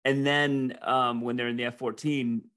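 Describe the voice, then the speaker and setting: A man's voice: medium pitch, little pitch movement, moderate pace, fairly bright tone. Enthusiastic man recounting scenes casually. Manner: enthusiastic, restarts often, recounts scenes in detail. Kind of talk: casual movie review chat.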